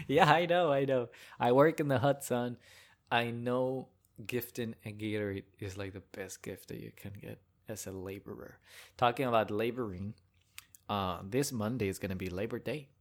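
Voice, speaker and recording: A man's voice: lowish voice, fairly even intonation, normal speed. A young man hosting a casual solo rant, rambling and joking with frequent chuckles. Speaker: podcast host.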